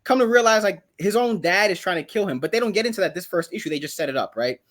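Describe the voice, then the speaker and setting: A young man with a slightly high voice talks comics on a casual podcast. He is animated and drops into quick character voices as he retells scenes. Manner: animated, acts out characters' lines mid-story. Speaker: podcast co-host. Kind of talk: casual comic book chat.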